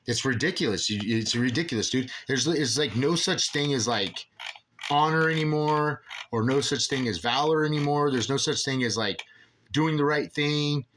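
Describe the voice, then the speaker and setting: A man's voice: mid-range voice, normal speed, fairly bright tone, slight background noise. Angry, profane man ranting. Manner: agitated, profane, rambling with many restarts. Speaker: aggrieved father ranting about officials. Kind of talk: angry monologue.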